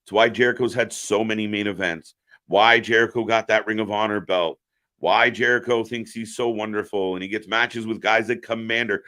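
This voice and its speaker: Bright-voiced ranting man, live reaction host. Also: fairly low pitch, fairly even intonation, normal speed. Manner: opinionated, ranting, profane.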